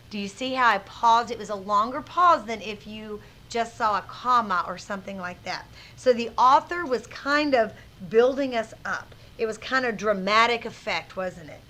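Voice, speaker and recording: A woman teacher giving a reading lesson to children, reading aloud expressively with dramatic pauses. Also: a little high, expressive, bright, forceful tone.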